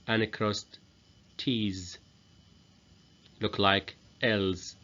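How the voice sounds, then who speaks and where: A man whose first language is Arabic, giving a grammar lesson as a teacher, explaining slowly and repeating each example. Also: on the low side, a bit bright. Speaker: English teacher. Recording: dull lo-fi recording.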